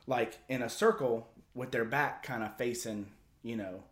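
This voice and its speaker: A man's voice: mid-range voice, a little slow, a bit bright. Profane rambling man telling a story. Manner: rambling, profane, lots of fillers like "you know". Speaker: podcast host telling a story. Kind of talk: casual storytelling.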